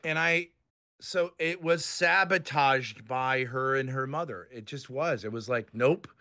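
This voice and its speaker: A man's voice: mid-range voice, a little slow, pushed and bright. A man in his fifties from Rhode Island, ranting angrily and profanely on a voice call. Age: 50s. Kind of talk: heated online group chat.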